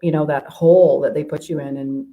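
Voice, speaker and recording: A woman's voice: deep voice, fairly even intonation, brisk, narrow, tinny audio. A woman from Canada, a life coach, chatting as a guest in a casual interview, rambling with many fillers and restarts.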